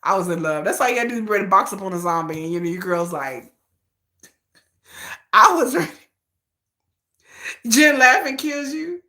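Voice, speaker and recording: A woman's voice: mid-range voice, lively intonation, quick pace, bright, forceful tone, reverberant. A woman hosting a casual livestream, gushing and laughing as she acts out quotes. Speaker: livestream host.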